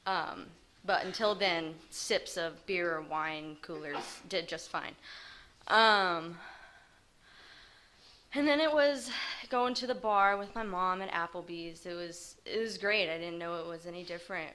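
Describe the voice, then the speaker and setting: A woman telling her life story in a personal testimony, halting and hesitant with frequent pauses. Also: lowish voice, pushed and bright, slight background noise. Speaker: recovery group member sharing her story.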